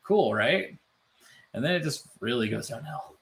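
A man co-hosting a casual podcast chat, animated and loose, full of "like" fillers and swearing. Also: medium pitch, normal speed, gravelly. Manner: animated, swearing, many "like" fillers, mimics voices. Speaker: podcast co-host.

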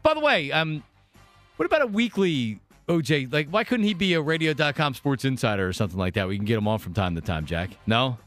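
A man's voice: medium pitch, big pitch swings, a bit bright, no echo, soft background music. A man hosting sports talk radio, chatting casually and often restarting his sentences. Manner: rambling, halting restarts.

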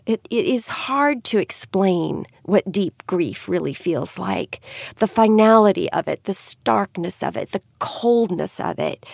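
A middle-aged woman giving an earnest devotional Bible teaching, gently putting questions to her listeners. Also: mid-range voice, vocal fry, no echo, studio quality.

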